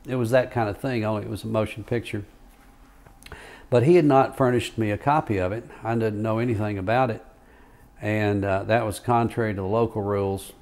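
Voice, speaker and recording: A man's voice: lowish voice, darkish tone. An older man and retired lawyer recounting courtroom stories in an oral history interview, rambling with fillers and chuckles.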